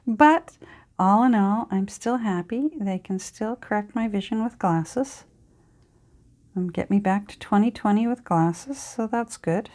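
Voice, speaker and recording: A woman's voice: mid-range voice, a little slow, darkish tone. A middle-aged woman with a Canadian accent, chattering casually while she crafts, rambling and chiding herself with many ums and sighs. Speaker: crafting vlogger.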